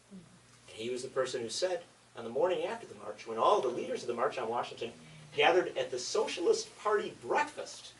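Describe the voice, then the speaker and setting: A man's voice: mid-range voice, a bit bright, far from the mic, a little hiss or hum, poor audio. A man giving a public talk, telling history as an impassioned, emphatic storyteller.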